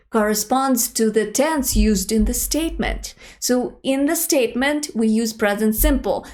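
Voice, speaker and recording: Slow, clear-spoken woman teaching grammar. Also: fairly high pitch. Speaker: language teacher. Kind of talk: online grammar lesson.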